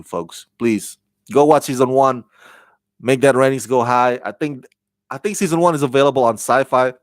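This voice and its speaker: A man's voice: mid-range voice, clear, resonant tone, no echo. A man giving a casual spoken TV review, rambling and repeating words as he thinks aloud. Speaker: TV show reviewer.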